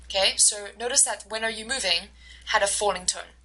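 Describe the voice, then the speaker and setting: A woman instructor giving a recorded lecture, explaining slowly with many fillers and acting out short example dialogues. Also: mid-range voice, pushed and bright, slight background noise, low-quality recording.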